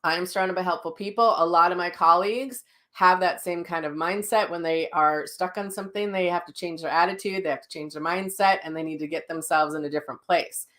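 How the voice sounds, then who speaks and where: Blunt, chatty middle-aged woman, lowish voice. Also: fairly even intonation, brisk, hardly any pauses, fairly bright tone. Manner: blunt, chatty and self-mocking, with frank language. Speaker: psychic medium hosting a daily live session. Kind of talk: casual chat reading viewer comments.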